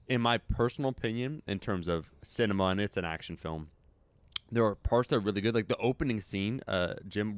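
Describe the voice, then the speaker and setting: Man, low voice, dry studio sound, rambling casual chat, podcast co-host. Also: dry recording. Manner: rambling, animated storytelling with fillers.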